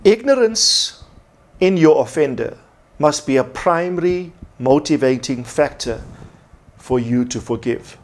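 A man's voice: medium pitch, unhurried, darkish tone. A man preaching a sermon as pastor, from South Africa, emphatic and repeating his key points.

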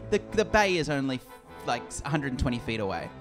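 A man running a tabletop game as dungeon master, narrating the scene with quick restarts. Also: medium pitch, very animated, music in the background.

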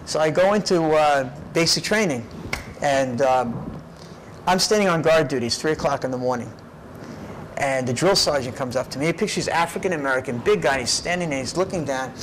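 A karate teacher in his fifties, appearing as an interview guest at a karate gym, tells lively, animated stories from his life in a fairly high voice, often tagging phrases with a quick "right?". The recording is low quality, with a faint hum of room noise behind him.

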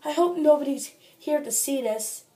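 A woman's voice: sits high, normal speed, warm tone, lightly acted. A woman voicing a frightened engine with no brakes, crying out for help in a toy train story. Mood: glum. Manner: panicky cries.

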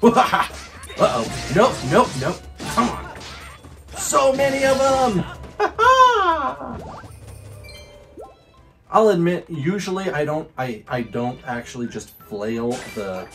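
An excitable man plays through a game and narrates every move to himself. His pitch jumps all over as he whoops and laughs, yet he talks at an easy, drawn-out pace. Soft game music runs quietly beneath him. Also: creaky. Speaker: gaming channel host. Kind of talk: let's play commentary.

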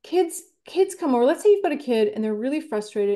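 A woman speaking as a podcast guest, talking in an animated and reflective way and acting out her own inner thoughts as she explains. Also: on the high side, quick pace, few pauses. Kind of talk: reflective conversational interview.

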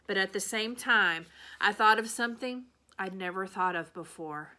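Woman reading a children's novel, bright. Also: mid-range voice. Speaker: reader.

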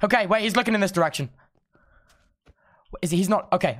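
A man's voice: high voice, expressive, quick pace, a bit bright. Giddy starstruck young man. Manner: giddy, starstruck, gasping and babbling. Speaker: streamer. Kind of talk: excited gaming chat.

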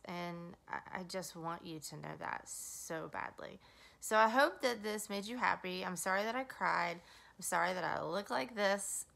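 A woman's voice: fairly low pitch, gravelly, fairly bright tone. A middle-aged woman recording a heartfelt, tearful birthday video message for her older sister, rambling emotionally with many fillers. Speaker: younger sister.

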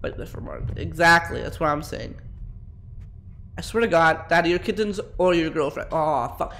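A man's voice: a little high, moderate pace, fairly bright tone, slight background noise. A man streaming a horror game, talking crudely and rambling at his chat as he plays. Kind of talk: live gameplay commentary.

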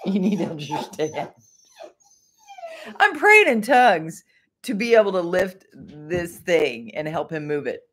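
A woman's voice: fairly low pitch, big pitch swings, measured pace, fairly bright tone. A middle-aged woman hosting a rambling faith livestream from home, chatty and easily distracted, laughing often. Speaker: livestream host.

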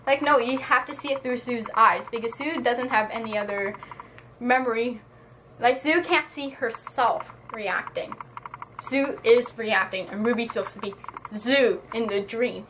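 A high-pitched woman rants to her camera in a casual review, exasperated and full of slang. Her voice sits well above most women's, and there is a faint hiss behind her. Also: moderate pace, rough recording. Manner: exasperated, slangy, animated ranting. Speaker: book and movie reviewer.

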